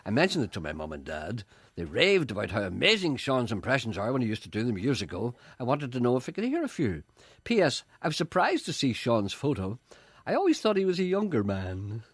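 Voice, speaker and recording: Sardonic older radio presenter. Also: male voice, medium pitch, brisk, husky, dry recording. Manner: sardonic, deadpan, often laughing. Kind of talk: wry radio banter and narration.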